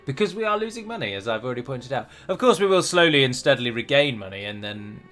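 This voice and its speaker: A man's voice: medium pitch, very animated, quick pace, fairly bright tone, soft background music. A man hosting a strategy game let's play, chatty and rambling, with restarts and the odd dramatic flourish. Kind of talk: game commentary.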